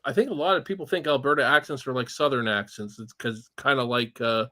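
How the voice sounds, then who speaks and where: A man's voice: mid-range voice, brisk, pushed and bright, dry recording. A Canadian man hosting a casual livestream chat, rambling with frequent chuckles and restarts. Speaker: podcast host.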